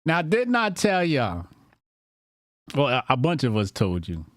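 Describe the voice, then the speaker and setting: A man's voice: medium pitch, huge pitch swings, unhurried, no room sound, studio quality. A man hosting a casual commentary show, brash, profane and mocking.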